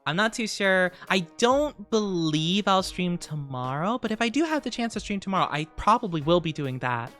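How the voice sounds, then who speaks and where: A woman VTuber casually chatting with her live-stream viewers, playful and quick to laugh. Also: lowish voice, faint music behind. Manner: playful, giggly, animated.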